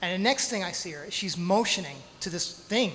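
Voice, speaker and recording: A man with a high voice tells a dramatic story live on stage, drawing it out with pauses and spoken sound effects, poking fun at himself along the way. The hall's long reverb trails after each phrase, with faint ambience underneath. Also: lively intonation, sharp tone, a little hiss or hum. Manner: self-deprecating humor. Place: stage in a hall at a storytelling night.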